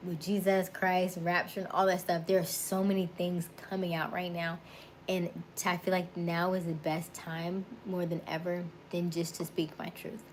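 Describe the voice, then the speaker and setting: A woman's voice: fairly low pitch, a little mellow, slight background noise. A woman in her thirties from Florida, with a Florida accent, chatting casually on a livestream, laughing often and greeting viewers by name. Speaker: livestream host. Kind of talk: casual livestream chat reading viewer comments.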